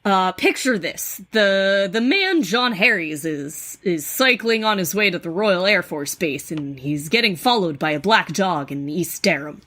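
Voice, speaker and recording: A woman from New England co-hosting a podcast, telling spooky folklore in a relaxed, casual way with plenty of ums and uhs. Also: fairly low pitch, unhurried, hardly any pauses. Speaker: podcast co-host. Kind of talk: casual chat, storytelling folklore.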